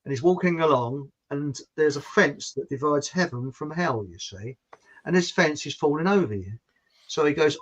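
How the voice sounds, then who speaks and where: A man's voice: on the high side, normal speed, fairly bright tone, lo-fi sound. A man hosting a casual livestream chat show, reading out viewer comments and joking with many false starts. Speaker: host of a livestream talk show.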